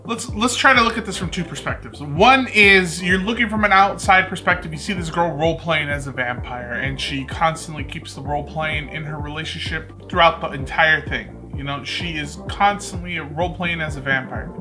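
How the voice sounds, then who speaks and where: A man's voice: fairly high pitch, moderate pace, hardly any pauses, pushed and bright, faint music behind. A young man hosting a reaction video, joking and rambling as he comments straight to his viewers. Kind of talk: casual commentary reacting to a reality show clip.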